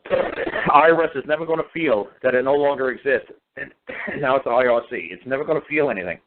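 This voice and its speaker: On a phone line, an emphatic man takes part in a talk show discussion, repeating rhetorical questions to make his point. His voice is mid-range and he speaks a little fast.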